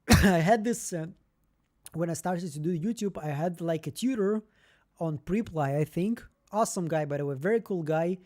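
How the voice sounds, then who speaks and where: A man's voice: on the high side, normal speed, dark tone. A young man with a non-native English accent, chatting candidly and rambling on a live stream as host. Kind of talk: casual live-stream chat.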